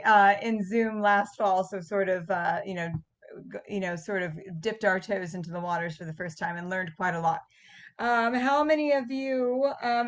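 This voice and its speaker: Chatty woman hosting a video-call Q&A. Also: fairly high pitch. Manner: chatty, reads out audience comments. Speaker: theatre director hosting a cast Q&A. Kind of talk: casual chat on a video call.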